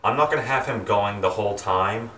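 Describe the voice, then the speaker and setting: A young man chatting to his viewers, rambling and halting with many ums and restarts. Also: lowish voice, sharp tone, reverberant, distant mic, slight background noise. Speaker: vlogger, home haunt maker. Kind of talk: rambling casual chat to viewers.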